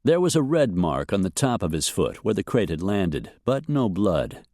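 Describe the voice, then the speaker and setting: A man narrating a western novel in a measured storytelling manner. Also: sits low, very animated, mellow, no echo, studio quality. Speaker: audiobook narrator.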